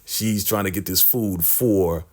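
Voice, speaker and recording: A man's voice: low voice, a little slow, a little mellow. Chatty man recapping a show. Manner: chatty, laughs often, asks viewers. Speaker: TV recap vlogger. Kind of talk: casual recap chat.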